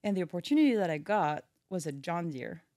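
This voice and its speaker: A French-accented woman talks casually as a podcast guest, leaning on "like" as she goes. Her voice sits on the lower side, and the recording is close and dry. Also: big pitch swings, brisk, dark tone, no room sound. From France. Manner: chatty, filler-heavy with many "like"s. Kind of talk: casual chat.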